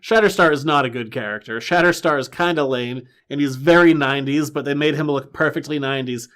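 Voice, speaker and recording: A man co-hosting a pop culture podcast in easy, casual chat. His voice sits a bit high, and he talks in a wry, dismissive way, tossing off quick asides. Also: a bit bright, clear, resonant tone. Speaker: podcast co-host.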